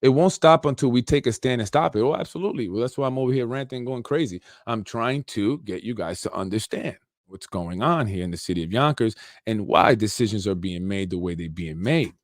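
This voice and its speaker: A man's voice: lowish voice, expressive, a little fast, no room sound, studio quality. A man hosting a political talk show, ranting loosely with sarcastic asides and a lot of "you know". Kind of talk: unscripted political rant. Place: Yonkers, New York.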